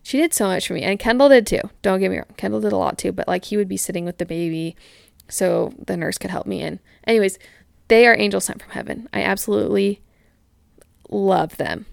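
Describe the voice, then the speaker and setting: A woman's voice: medium pitch, fairly quick, creaky, no room sound, studio quality. A woman in her twenties hosting a casual talk show, chatting candidly and reading listener stories, with frequent "like" fillers. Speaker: podcast host.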